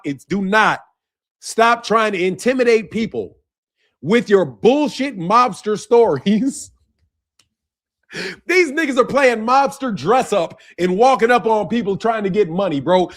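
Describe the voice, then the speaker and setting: A man with a fairly high voice rants to his audience about boxing. He mocks and taunts in a profane, heated way, laughing between lines and repeating his points over and over. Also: a bit bright. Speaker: boxing channel host. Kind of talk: mocking rant to camera.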